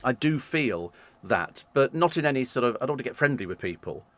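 A man's voice: mid-range voice, fairly quick. Guy, radio presenter, tells stories and puts on little voices, swoops up and down a lot. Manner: animated anecdotes, acts out quoted voices. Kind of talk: storytelling in an interview.

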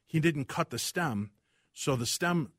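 A man hosting a casual talk show, telling animated, self-deprecating stories about his house. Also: fairly high pitch, a little slow, no echo, clean studio sound. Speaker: radio show host. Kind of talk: casual chat.

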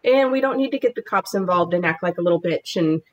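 A woman's voice: on the low side, animated, quick pace, rough recording. A woman in her forties, a podcast guest, telling combative stories in a brash, profane way. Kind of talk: casual chat.

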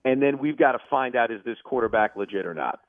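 A sports radio host appears as an interview guest, offering emphatic, opinionated takes in animated bursts. He speaks fast at a medium pitch with no echo, though the phone line makes him sound tinny.

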